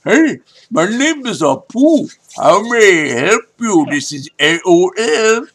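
A man putting on a mocking impression of an Indian call-center worker, with a put-on Indian accent and a slow, sing-song delivery. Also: high-pitched, sing-song, fairly bright tone, breathy edge, full character voice.

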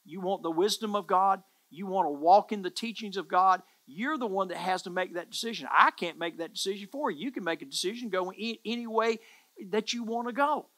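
A pastor delivering an earnest sermon, pressing each point home by repeating words and phrases. The voice is bright and forceful, with a middling pitch. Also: brisk.

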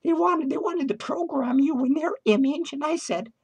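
A manic male clown, hyper and a bit drunk, spills out crude, cursing rants in his home studio, wandering from idea to idea for a comedy character vlog. His voice is shrill and well above typical pitch, darkish in tone at a moderate pace, and he keeps breaking into cackling laughter.

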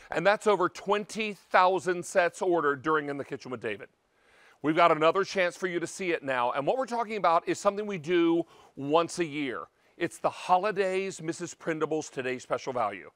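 Upbeat shopping-channel host man, slightly high voice. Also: expressive, normal speed. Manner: upbeat salesy patter with showman shouts. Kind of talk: live TV shopping demo.

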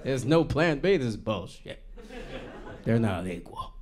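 A man performing a stand-up comedy set on a live stage, talking in a loose, slangy way and acting out characters in quick quotes. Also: mid-range voice, very animated, darkish tone. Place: live venue stage with audience.

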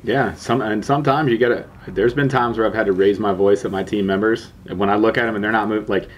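A man co-hosting a casual podcast, joking quickly and acting out what he would say to patients. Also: on the low side, fairly even intonation, a little hiss or hum. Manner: fast, joking, acts out lines. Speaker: podcast co-host, pararescueman.

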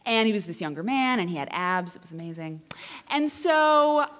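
A woman in her thirties telling a funny personal story live, chatty and self-deprecating with animated asides. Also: mid-range voice, moderate pace. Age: 30s. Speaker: writer and quilter performing for students.

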